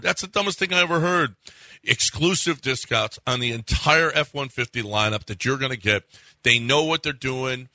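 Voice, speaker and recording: Blunt joking sports radio host. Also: male voice, mid-range voice, expressive, bright, forceful tone, no room sound. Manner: joking, blunt, quick retorts. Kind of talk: casual sports radio banter and live ad read.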